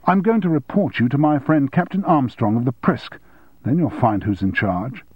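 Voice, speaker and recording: A hot-tempered young man, voiced by a male audiobook narrator, spluttering with indignation and pitching his husky voice well above the narrator's own. He blusters and shouts his complaints, heard through dull, muffled audio. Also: animated, normal speed, dry recording. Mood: blustering. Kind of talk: audiobook character voice.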